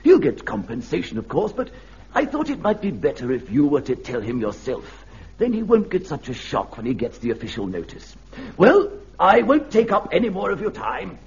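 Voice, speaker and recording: An actor playing a polite, hesitant upper-class army colonel in a radio sitcom, heard on a dull archive recording. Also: male voice, a little high, huge pitch swings, moderate pace, a little hiss or hum. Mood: genial. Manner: polite, dithering, with many hesitations. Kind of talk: 1970s radio sitcom acting.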